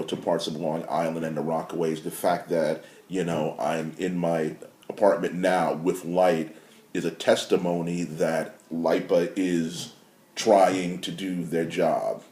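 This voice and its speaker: A man giving a casual, animated commentary as a marketing consultant, building to emphatic outrage. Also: low-pitched, slow pace, echoey room. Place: his apartment.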